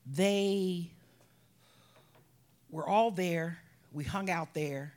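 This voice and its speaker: A woman, a bereaved mother, telling her personal testimony in an emotional way, often sinking to a soft whisper. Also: on the low side, very slow. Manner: emotional, drops to soft whispers, breaks into laughs.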